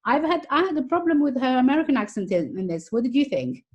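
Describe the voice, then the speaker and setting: A woman film critic in a casual review chat, giving frank opinions in a halting way. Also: high-pitched, sing-song, muffled recording.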